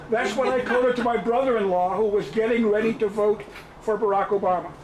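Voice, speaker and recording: Audience man with a very high voice who quotes history, recorded in an echoey room. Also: fairly even intonation, normal speed, a little hiss or hum. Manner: quotes history, recites remarks. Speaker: audience member.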